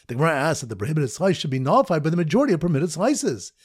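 A man teaching a Talmud lesson through mnemonic stories, in a lively storytelling manner with sing-song emphasis on repeated phrases. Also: a little high, rapid-fire, slightly rough, no echo, studio quality.

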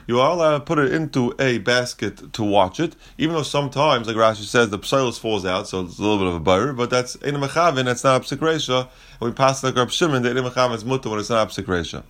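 A man teaching a Talmud passage, reading Aramaic phrases and explaining them in relaxed, conversational English. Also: medium pitch, fast.

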